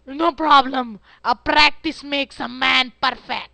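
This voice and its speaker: High bright-voiced guy narrating his game real slow, gets all excited, dry close sound. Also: creaky, no echo. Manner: excitable, yelps and talks to himself while playing. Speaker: gameplay commentator. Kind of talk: casual let's-play commentary.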